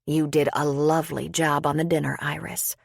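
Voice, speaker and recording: A woman narrator voicing an older wife, married for decades, calm and soothing with a dry, weary humor, in an audiobook. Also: sits low, moderate pace, creaky, husky, dry recording, heavily acted. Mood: wry.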